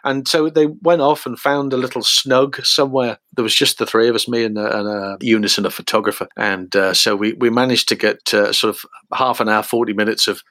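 A man's voice: medium pitch, level tone, a little fast, few pauses, pushed and bright, no echo. A man telling stories in casual chat, rambling with many fillers and acting out quotes.

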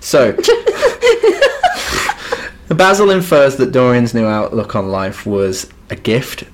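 A man's voice: medium pitch, very animated, slow pace. Wry man co-hosting a literature podcast. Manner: wry, dry humor with laughing asides. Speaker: podcast co-host. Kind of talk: casual literary recap chat.

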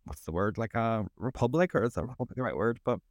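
A man's voice: medium pitch, quick pace, no echo, studio quality. A man, co-hosting a podcast and ranting in casual, sweary chat. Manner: sweary, ranting, animated storytelling. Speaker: podcast co-host.

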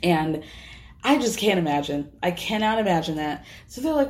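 A young adult woman hosting a podcast, recapping in a casual, animated way with voiced asides. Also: lowish voice, normal speed. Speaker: podcast host.

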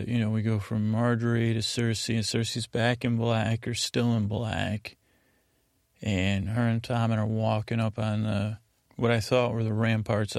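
A man's voice: fairly low pitch, gravelly, a little mellow, no room sound, studio quality. A man hosting a sleep podcast, recapping an episode in a meandering, digressive way, full of restarts. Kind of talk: rambling bedtime recap.

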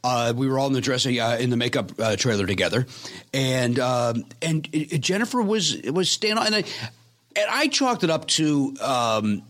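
A man's voice that rises and falls a lot while he talks. He picks his way through the story with pauses and restarts, in a casual interview. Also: mid-range voice, big pitch swings, a bit bright. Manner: hesitant, many fillers and restarts. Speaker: actor guest.

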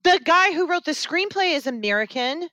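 An expressive woman co-hosting a casual podcast, quick to push back on her friends. Her pitch swings widely as she talks. The recording is close and dry. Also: no room sound. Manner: lively and expressive, quick to protest. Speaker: podcast co-host. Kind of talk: casual chat.

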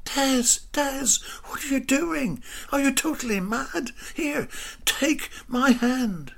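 Guy doing a squeaky bold giggly woman, raspy, really swoopy. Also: expressive, a little slow, a bit bright, heavily acted. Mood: shrill. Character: playful giggling young woman, bossy and bold.

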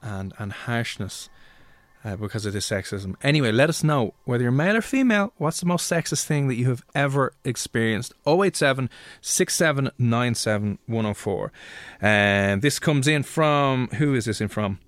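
A man co-hosting a radio show, telling stories in a quick, self-mocking way. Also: mid-range voice, lively intonation, no room sound. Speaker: radio co-host. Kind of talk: casual chat.

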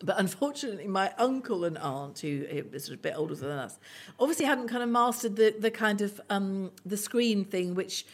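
A woman with a mid-pitched voice chats casually. She is sympathetic and eager to share her own anecdotes. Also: lively intonation, a little fast. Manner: chatty, sympathetic, tells anecdotes. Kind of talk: casual chat.

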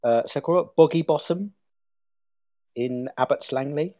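A man's voice: fairly high pitch, a little slow, no echo, highs cut off. A man in his twenties co-hosting a casual podcast, laughing as he reads out a list. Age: 20s. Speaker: podcast co-host. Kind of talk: casual chat.

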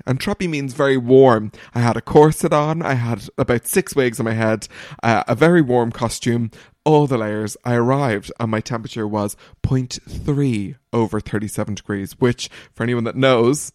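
A young man co-hosting a casual podcast, chatty and given to quick asides. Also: mid-range voice, a little mellow, dry recording, studio quality. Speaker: podcast co-host.

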